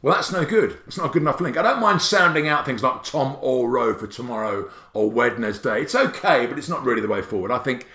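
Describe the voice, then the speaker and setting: A man walking teachers through a spelling app, excitable and theatrical, with a jokey streak. His pitch leaps around a lot. The room around him rings with echo. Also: a little fast, few pauses. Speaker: app creator and teacher presenter. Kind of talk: tutorial presentation.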